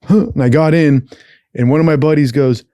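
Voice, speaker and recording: A man's voice: a little high, fairly quick, clear, resonant tone, dry recording, clean studio sound. A young man telling a rowdy story in casual, profane talk, acting out what other people said. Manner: profane, animated, acts out other people's lines. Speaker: podcast host.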